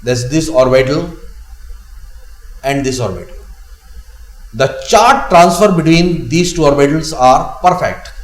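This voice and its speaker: A man with an Indian English accent gives a chemistry lesson in a slow, deliberate way, saying key phrases twice. His voice sits a little high, and the recording has a roomy echo. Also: animated. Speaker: chemistry teacher. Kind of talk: classroom lecture.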